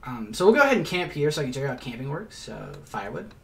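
A man's voice: mid-range voice, sing-song, fast talker, gravelly. A man giving casual gameplay commentary as a let's player, chatty, explaining as he plays, swearing now and then and muttering asides to himself.

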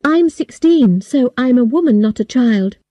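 A woman reading a story aloud slowly and clearly for English learners. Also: fairly high pitch, dry recording. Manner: slow, clear, even storytelling. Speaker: story reader. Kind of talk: slow scripted narration for English learners.

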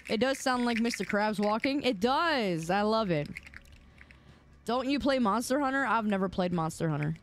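Animated woman streamer, lively pitch. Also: moderate pace, slight background noise. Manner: animated, teasing, talks to chat. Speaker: game streamer. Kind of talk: casual live-stream chat.

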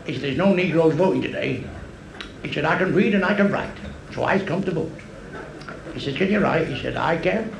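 A man's voice: on the high side, animated, a little fast, creaky, slight background noise. A man with a Mancunian accent doing a crude stand-up comedy routine, chuckling at his own punchlines.

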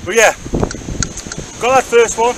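A man's voice: very high-pitched, unhurried. A man chatting playfully to the camera while fishing on a windy beach, joking with his friend. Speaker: angler vlogger. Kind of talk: casual outdoor vlog commentary. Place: open beach on a windy evening. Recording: wind noise on the mic.

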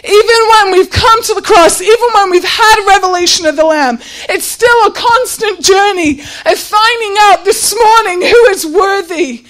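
A woman's voice: extremely high pitch, moderate pace, hardly any pauses, fairly bright tone. A woman preaching a sermon with passion, often near tears and raising her voice as she repeats rhetorical questions.

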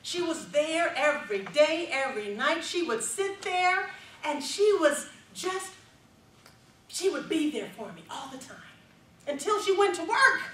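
Middle-aged woman, speech contest speaker with an animated voice, heard from a distance in a hall. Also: very high voice, slight background noise. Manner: expressive storytelling with dramatic pauses. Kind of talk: prepared public speech. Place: stage in a large hall.

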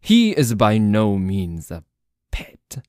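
A man's voice: lowish voice, slow pace, warm tone, no echo, clean studio sound. A man voicing a protective young French nobleman with a put-on French accent, commanding toward a rival and tender toward his partner, in an audio role-play. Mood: indignant. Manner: indignant, commanding, then tender. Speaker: voice actor.

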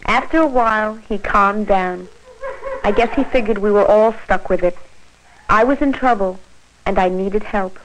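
A woman's voice: mid-range voice, normal speed, a little hiss or hum, close to an everyday voice, rough recording. An actress voicing a scared pregnant teenage girl, narrating her story in earnest, plain first-person narration for an old educational film.

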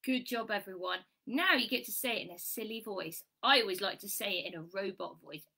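A woman teaching a children's phonics lesson, praising warmly and sounding out letters slowly and clearly. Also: mid-range voice. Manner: bright, encouraging, sing-song praise.

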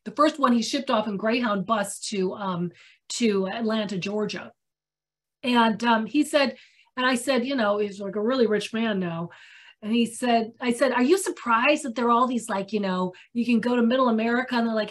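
A woman co-presenting a talk, telling an animated story and acting out the people she quotes. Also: fairly high pitch, normal speed.

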